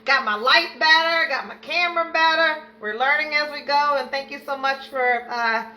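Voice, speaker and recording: A woman's voice: sits high, moderate pace, bright, forceful tone, poor audio. An older woman hosting a live self-care stream, greeting viewers by name with effusive energy. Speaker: livestream host.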